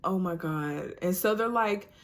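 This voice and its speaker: A woman with a somewhat low voice tells a personal story straight to her viewers. She talks in a loose, chatty way, peppering her sentences with "like" and "you know." It is relaxed, casual vlog storytelling. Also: measured pace. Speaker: vlogger.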